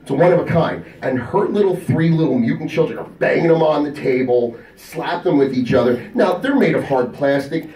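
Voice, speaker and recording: A man with a fairly high voice tells crude stories on a convention stage at a brisk clip, barely pausing. He's an animated stand-up comedian who acts out the people in his tales. The echoey room is picked up by a distant mic.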